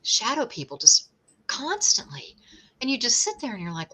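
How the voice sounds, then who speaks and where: A woman's voice: fairly high pitch, huge pitch swings, bright, forceful tone, husky. A middle-aged woman, a guest, telling stories in a chatty, joking way. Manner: chatty storyteller, quick to joke. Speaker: guest, ghost tour owner. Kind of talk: casual chat.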